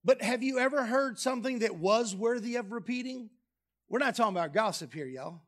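A man preaching a sermon, lively and humorous, dropping low and soft on key phrases. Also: fairly quick. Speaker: pastor. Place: church sanctuary.

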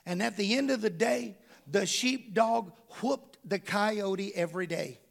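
A man's voice: high-pitched, unhurried, creaky. A middle-aged male pastor preaching a sermon, emphatic and conversational, full of rhetorical questions to the congregation.

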